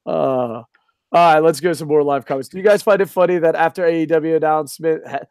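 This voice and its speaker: A man's voice: fairly high pitch, no echo, clean studio sound. A man co-hosting a casual wrestling chat, sarcastic and swearing freely, laughing at his own jokes. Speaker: podcast co-host.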